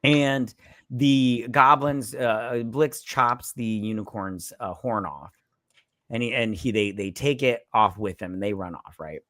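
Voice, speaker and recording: A man's voice: mid-range voice, a little slow, a bit bright, dry recording. A man co-hosting a casual movie review podcast, rambling and acting out scenes in quoted voices. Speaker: podcast co-host.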